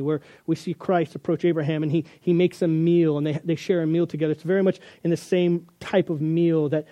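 Man preaching with a high bright voice. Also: dry recording. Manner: animated, acts out biblical dialogue. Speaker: pastor. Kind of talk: sermon.

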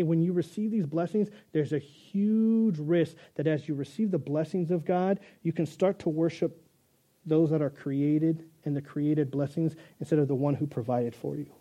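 Guy preaching a sermon, chatty and jokey, kinda high but really mellow dark tone. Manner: conversational, joking, with restarts. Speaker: pastor.

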